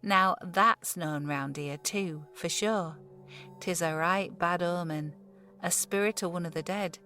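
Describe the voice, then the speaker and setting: A woman voicing an old male pub landlord with a broad Yorkshire accent, speaking slowly and deliberately, calm and ominous. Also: on the low side, faint music behind. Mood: warning. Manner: broad dialect, slow and deliberate.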